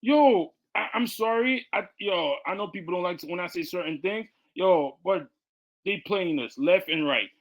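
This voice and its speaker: A man's voice: sits high, normal speed. A man co-hosting a podcast who comments casually and with emphasis, often repeating his words as he makes his point. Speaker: podcast co-host.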